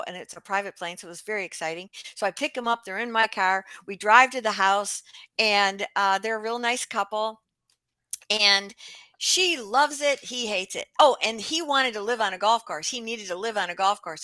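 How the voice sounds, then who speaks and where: Chatty, bright-voiced woman telling a story. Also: medium pitch, no room sound. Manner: chatty, lively, acts out dialogue with quoted voices. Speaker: real estate agent, guest. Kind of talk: animated storytelling in an interview.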